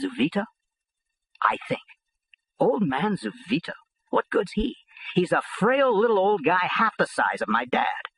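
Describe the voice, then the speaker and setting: A man's voice: high voice, big pitch swings, measured pace, pauses often, a bit bright, husky, dry recording, rough recording. A man reading an audiobook in first person, with a blunt, streetwise delivery. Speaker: audiobook narrator.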